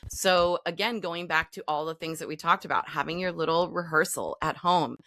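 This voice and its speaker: A woman guest who works as an acting and voice coach, explaining breathing in calm, instructive steps. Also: sits low, normal speed. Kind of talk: conversational podcast interview.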